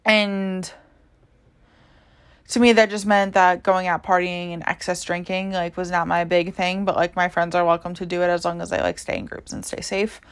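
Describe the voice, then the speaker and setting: A woman's voice: fairly low pitch, flat delivery, normal speed, smooth. A young woman hosting a podcast, telling a story casually with lots of "like" and "um" fillers. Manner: chatty, heavy use of "like" and "um". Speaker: podcast host.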